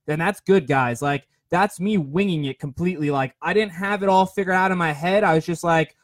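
Young man in his 20s, casual rambling host, slightly high voice, dry close mic. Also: brisk, hardly any pauses, dry recording. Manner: rambling, filler-heavy, self-deprecating. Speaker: podcast host. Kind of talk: casual storytelling monologue.

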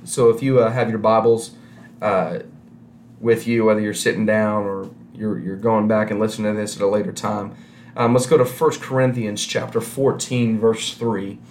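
A man's voice: fairly low pitch, flat delivery, moderate pace, darkish tone. Man, conversational preacher, repeats key points, roomy echo, faint background hiss. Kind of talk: recorded sermon without congregation.

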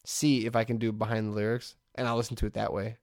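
A man's voice: lowish voice, little pitch movement, quick pace, a little mellow, no room sound, studio quality. A man co-hosting a casual comedy podcast, blunt and sarcastic, swearing freely. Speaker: podcast co-host.

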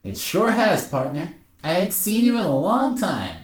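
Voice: mid-range voice, very animated, normal speed, pitched above the performer's own voice, natural voice. A game master voicing a folksy woman trucker with a put-on cowboy drawl. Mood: friendly. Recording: echoey room.

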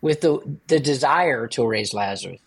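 A man's voice: lively intonation, moderate pace, vocal fry, slightly rough. A man co-hosting a faith podcast as a priest, chatting casually and joking with playful asides. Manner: playful, jokes with sudden high-pitched asides.

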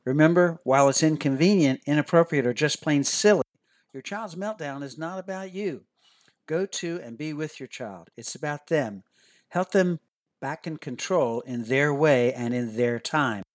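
A middle-aged man, the host and a doctor, giving scripted parenting advice in a measured, instructive and earnest way. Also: fairly high pitch.

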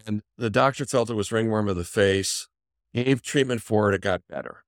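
A middle-aged physician guest telling an animated story in a conversational interview, acting out the people he quotes. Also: fairly low pitch, moderate pace, no echo, studio quality. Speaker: physician and company founder, podcast guest.

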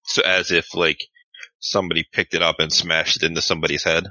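A man plays his character in a tabletop game, casual and profane, often stumbling over his words. His voice is very deep yet sharply bright, and the recording is dry and slightly muffled. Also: level tone, brisk, dry recording. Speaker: player. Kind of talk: tabletop role-play.

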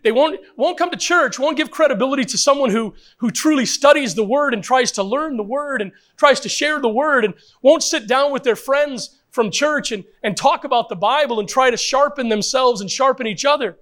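A man's voice: extremely high pitch, fairly bright tone. An older man, a pastor, preaching a sermon with emphatic rhetorical questions and repetition.

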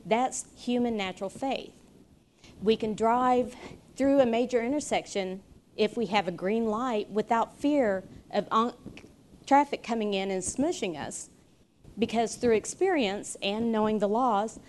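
A woman teaching a Bible study in an earnest, unhurried way, pausing often with ums and uhs. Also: fairly high pitch, darkish tone, slight background noise. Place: room with chairs, audience present.

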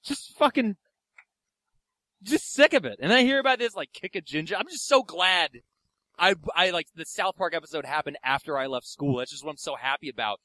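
A man's voice: a little high, fast, sharp tone, no room sound. A young man doing a profane stand-up comedy set, ranting and acting out the people in his stories. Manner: profane, ranting, acts out quoted voices.

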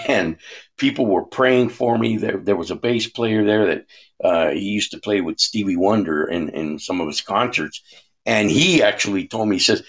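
A man's voice: lowish voice, normal speed, breathy edge. A man giving an earnest, conversational sermon, telling a personal story and often checking in with his listeners. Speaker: speaker giving a devotional talk.

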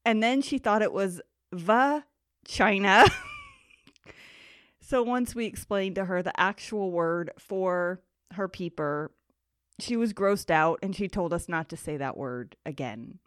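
A woman's voice: mid-range voice, slow pace, fairly bright tone, dry recording. A woman in her thirties, co-hosting a podcast in casual chat, often laughing as she tells family stories close to the mic. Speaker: podcast co-host.

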